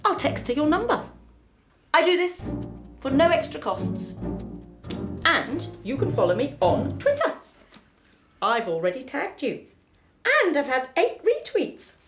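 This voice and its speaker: A brash, tactless woman therapist, played by an actress in a web sitcom, speaking bluntly with sudden leaps in pitch. The room sounds echoey, and music plays clearly underneath her. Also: huge pitch swings, a little slow, long pauses, full character voice. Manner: blunt and sing-song, with abrupt jumps in pitch. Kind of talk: sitcom acting.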